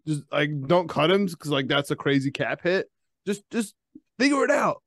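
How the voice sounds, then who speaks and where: A young man, co-hosting a casual sports podcast, rambling and excitable, laughing often. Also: fairly high pitch, normal speed, dry recording. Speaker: podcast co-host.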